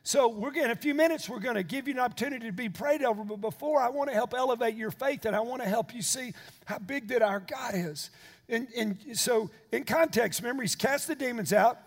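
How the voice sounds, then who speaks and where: Older male pastor, high voice, sermon storytelling that builds to fervent preaching, long hall reverb. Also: a little fast.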